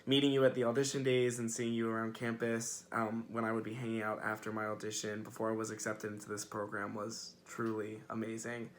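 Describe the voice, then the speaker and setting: Earnest young man, flat delivery. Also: lowish voice, brisk, few pauses, slight background noise. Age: young adult. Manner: earnest, heartfelt. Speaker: first-year acting student. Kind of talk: read-out farewell message.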